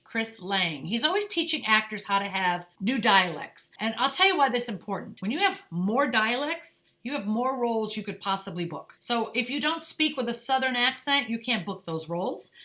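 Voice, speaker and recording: A woman's voice: mid-range voice, bright, forceful tone. A middle-aged woman giving acting advice straight to the camera in an emphatic, conversational way, checking in with "okay?" and "right?". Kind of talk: direct-to-camera advice talk.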